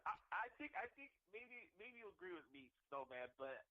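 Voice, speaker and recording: Lively, bright-voiced male sports show guest. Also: high voice, moderate pace, no room sound, lo-fi sound. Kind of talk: casual sports radio chat.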